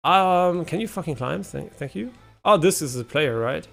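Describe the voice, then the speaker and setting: A young man streaming live, giving casual gameplay commentary, excitable and swearing a lot as he talks to his chat. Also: a little high, moderate pace, creaky, faint music behind.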